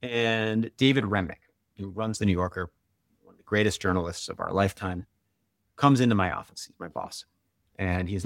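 Gravelly man telling a story. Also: low voice, moderate pace, long pauses, fairly bright tone, dry recording. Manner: candid, uses many "like" and "right?" fillers. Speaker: author and guest. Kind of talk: storytelling in conversation.

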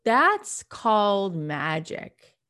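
A middle-aged woman telling a story in an animated, emphatic way in a casual conversation. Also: medium pitch, very slow. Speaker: podcast host and guest.

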